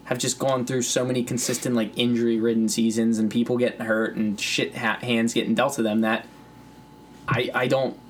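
A man's voice: mid-range voice, flat delivery, normal speed, slight background noise. A young man co-hosting a podcast in casual chat, rambling, swearing freely and laughing often. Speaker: podcast co-host.

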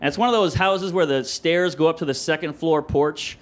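A middle-aged man from the New Orleans area, telling a rowdy, profane story on a podcast, acting out voices and yelling. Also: fairly high pitch, moderate pace. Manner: excitable, profane, acts out voices and yells. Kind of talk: animated comedic storytelling. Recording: noisy background hiss.

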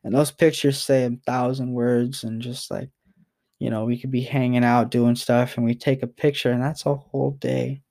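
A man's voice: mid-range voice, level tone, moderate pace, creaky, a little mellow. A young man talking straight to the camera in a personal vlog message. He rambles and halts, repeats himself, and sounds close to tears. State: emotional, near tears.

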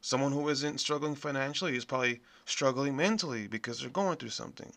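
A man hosting a podcast, delivering a profane, blunt, animated rant in a casual monologue. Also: medium pitch, fast, vocal fry. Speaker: podcast host.

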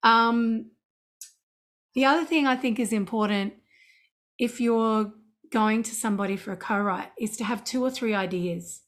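A woman's voice: on the high side, normal speed, pauses often. A woman, a singer and songwriter, chatting in an interview and telling anecdotes. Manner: chatty, anecdotal, animated storytelling. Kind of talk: casual interview chat.

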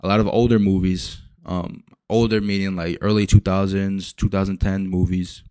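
A young man hosting a solo podcast, rambling and swearing as he retells movie scenes with lively energy. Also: low voice, normal speed, smooth, no room sound. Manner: rambling, profane, animated retellings. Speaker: podcast host. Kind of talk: casual solo podcast rant.

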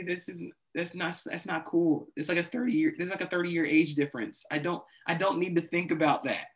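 A man with a slightly high voice rants to his co-host about a wrestling storyline. He mimics his own stunned reactions and keeps circling back to his frustration. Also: moderate pace. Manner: exasperated, acts out his reactions. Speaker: podcast co-host. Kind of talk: casual wrestling chat.

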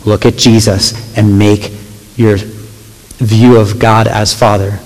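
A man's voice: fairly low pitch, level tone, takes it slowly. A man giving a casual, conversational sermon to a young audience, often checking in with "right?" and reading scripture aloud. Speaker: youth pastor. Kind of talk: youth sermon. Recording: long hall reverb.

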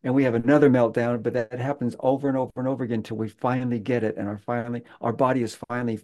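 Man, guest, storytelling, halting, lots of fillers, warm mellow tone. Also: mid-range voice, level tone. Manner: halting, many fillers and restarts. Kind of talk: conversational storytelling.

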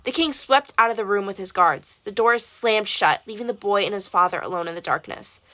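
A woman's voice: medium pitch, brisk, dry recording. A woman reading an audiobook aloud. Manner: expressive, lively first-person storytelling. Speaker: audiobook narrator.

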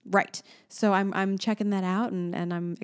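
A woman's voice: mid-range voice, moderate pace, smooth. A woman in her thirties, a voice teacher, co-hosting a casual chat, telling stories with animation and acting out her toddler's voice. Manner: animated storyteller, acts out her daughter's voice. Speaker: podcast co-host.

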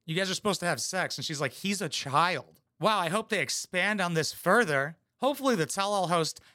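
A man with a bright, forceful tone, pitched a little high, reacts to a reality show in a crude, mocking way. His voice is close and dry, and he delivers blunt put-downs in casual, profane chatter. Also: animated, fast, no room sound. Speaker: reaction commentator.

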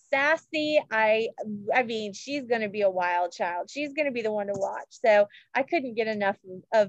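A woman's voice: on the high side, no echo, muffled recording. A woman co-hosting a podcast, chatting in a gushing way with lots of fillers and restarts. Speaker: podcast co-host. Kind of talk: casual chat about royal news.

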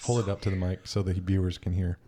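A man's voice: deep voice, flat delivery, quick pace, crowd noise. A man co-hosting a podcast, teasing the others with sarcastic remarks in casual banter. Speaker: podcast co-host.

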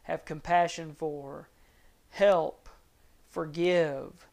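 A male preacher with a fairly high voice teaches from scripture in an earnest, measured sermon. He lets his voice drop soft and low when he reaches a grave point. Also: fairly even intonation, creaky.

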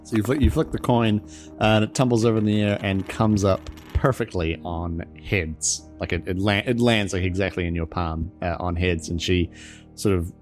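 A man narrating a tabletop game as game master, talking in a halting way full of fillers and restarts. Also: deep voice, steady tone, soft background music. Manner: halting, filler-heavy storytelling.

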